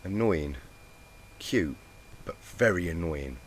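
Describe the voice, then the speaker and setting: A man's voice: low-pitched, animated, takes it slowly, slight background noise. A man playing a dry, grumpy pony stallion. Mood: annoyed. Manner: dry, muttering and sarcastic. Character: grumpy, irritated young pegasus stallion.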